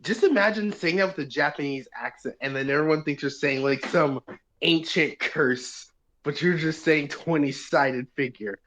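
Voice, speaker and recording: A man's voice: a little high, moderate pace, fairly bright tone, slight background noise. A young man co-hosting a casual chat over voice chat, joking and riffing on words. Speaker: podcast co-host. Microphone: voice chat headset.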